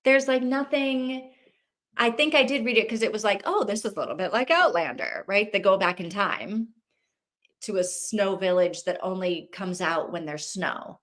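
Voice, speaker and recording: A woman's voice: mid-range voice, animated, moderate pace, fairly bright tone. Chatty woman hosting a reading stream. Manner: chatty, thinks aloud, rambling with restarts. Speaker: host of a live reading stream. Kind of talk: casual livestream chat.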